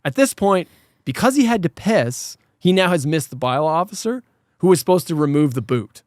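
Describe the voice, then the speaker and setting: A man co-hosting a casual, unscripted podcast, with a voice that sits a little on the high side. He tells the story in an animated way, laughing often and swearing freely. The sound is dry and close. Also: fairly quick, no echo. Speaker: podcast co-host.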